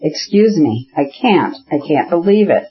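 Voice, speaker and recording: Man doing a warm, excitable nobleman. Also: fairly high pitch, measured pace, slightly rough, heavily acted. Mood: dismayed. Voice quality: emotional, pleading. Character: cheerful, kindly, excitable middle-aged nobleman. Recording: dull lo-fi recording.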